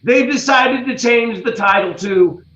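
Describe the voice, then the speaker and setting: A man hosting a comedic news segment, setting up punchlines dryly and deliberately. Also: very high-pitched, fairly bright tone, slight background noise. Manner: dry, deliberate punchline delivery. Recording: roomy, dull recording.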